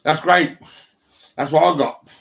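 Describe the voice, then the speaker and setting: A man's voice: a little high, a little slow, vocal fry, fairly bright tone. A middle-aged man talking casually at home into a phone. His speech rambles, full of fillers and false starts, with frequent swearing. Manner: rambling, heavy swearing, many ums and restarts. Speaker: vlogger. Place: indoors at home, on a settee.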